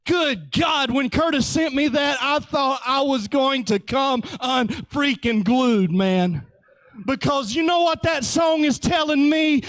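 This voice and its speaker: A man preaches casually in a strikingly high voice, joking and exclaiming as he goes. He takes his time with each phrase. The sound is close and dry, with no room around it. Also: a bit bright, no room sound. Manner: exclaiming, joking, laughing often.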